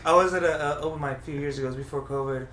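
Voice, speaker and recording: A man hosting a casual podcast chat, quick and excitable, swearing casually. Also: a little high, slight background noise. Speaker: podcast host. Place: podcast studio. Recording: roomy studio sound.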